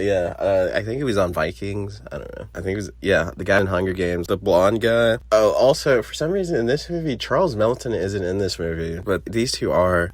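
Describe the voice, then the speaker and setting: A man's voice: lowish voice, no echo. A man hosting a podcast, giving a casual, profane, mocking movie review and acting out characters' lines. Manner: profane, mocking, acts out quotes in funny voices. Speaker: podcast host.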